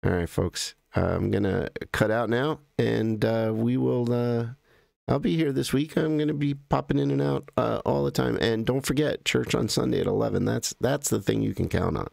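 An American man hosting a live stream, chatting casually and in a halting, rambling way as he greets viewers by name. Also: mid-range voice, vocal fry, a little mellow, dry recording, studio quality.

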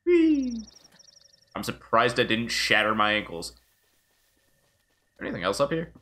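A male game streamer chats casually over live gameplay, cracking jokes and swearing freely. His delivery swings up and down in pitch, and his voice is bright and forceful. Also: moderate pace. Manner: joking, animated, swears freely.

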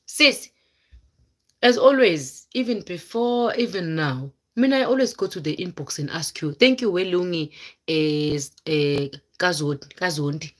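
Woman, husky, casual chat with viewers, dramatic storytelling. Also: on the low side, measured pace. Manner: dramatic, exclaiming, mixes in local words. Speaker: live-stream vlogger.

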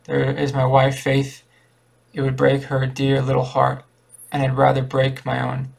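A wary young husband who is easily nettled, from a spooky story read aloud, voiced by a man. The voice stays low-key and flat, rough with heavy vocal fry and little change in pitch. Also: measured pace, poor audio. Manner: flat, barely changed reading voice.

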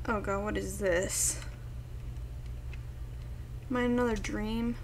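A young woman giving let's play commentary as host, excitable and yelping at the game. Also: mid-range voice, slow, pauses often, slight background noise. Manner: excitable, yelps and shouts at the game. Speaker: gaming video host.

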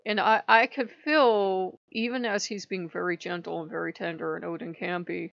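Woman with a gravelly voice, rambling. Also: lowish voice, fairly even intonation, normal speed, lo-fi sound. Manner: rambling, frank, swears often. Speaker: spiritual channel host. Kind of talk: emotional personal vlog.

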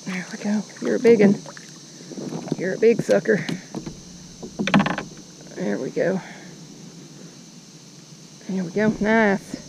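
A woman's voice: medium pitch, takes it slowly, gravelly, long pauses, background noise. A woman, narrating casually while fishing from a kayak, chatting to the fish and viewers with folksy phrases. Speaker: fishing vlogger. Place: outdoors on a kayak on the water.

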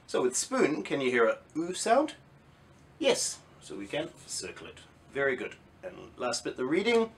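A man teaching a children's phonics lesson, sounding out letters slowly and clearly, and asking and answering his own questions. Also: mid-range voice, huge pitch swings.

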